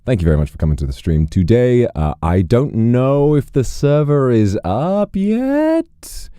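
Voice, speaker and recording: A man's voice: medium pitch, very animated, measured pace, warm tone, no echo, clean studio sound. A man streaming, chatting casually with viewers, rambling with lots of fillers and restarts.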